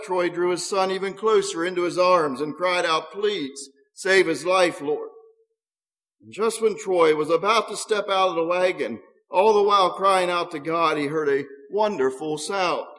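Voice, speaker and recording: Man narrator, earnest story reading, higher voice, long hall reverb. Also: moderate pace, hardly any pauses, a bit bright. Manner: earnest, with small stumbles.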